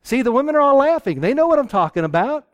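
A man preaching a sermon to a live audience, lively and acting out little exchanges between husband and wife. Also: very high-pitched, quick pace, dry recording.

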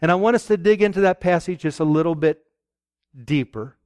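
A man from Pennsylvania preaching a folksy, animated sermon and asking his listeners questions. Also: on the high side, fairly quick, smooth, dry recording, studio quality.

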